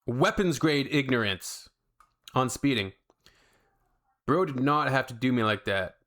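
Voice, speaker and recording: Young man, sarcastic reaction-video host, mid-pitched, talks straight to the viewer. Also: lively intonation, a little slow, fairly bright tone. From Canada. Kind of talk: casual reaction commentary.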